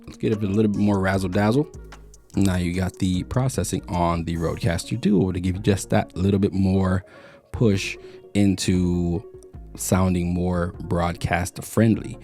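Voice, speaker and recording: A man's voice: low-pitched, dark tone. A man giving a casual, explanatory tech review in a home studio, sometimes repeating words as he thinks. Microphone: studio microphones being compared.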